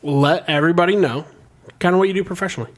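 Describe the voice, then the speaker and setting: A man's voice: sits high, rapid-fire. A man hosting a podcast, joking crudely in casual banter and laughing often. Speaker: podcast host.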